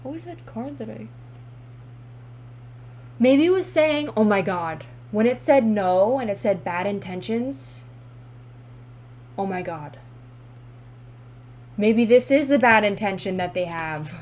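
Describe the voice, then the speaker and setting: A woman's voice: mid-range voice, animated, slow, long pauses, slight background noise. A woman doing a casual tarot card reading to camera, thinking aloud with sassy exclamations and casual swearing. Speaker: tarot reader.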